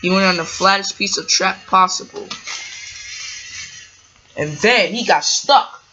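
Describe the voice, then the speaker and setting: A woman's voice: medium pitch, a little slow, sharp tone. A woman narrating a homemade toy train story in a plain, unpolished way, on a dull lo-fi recording with faint hiss.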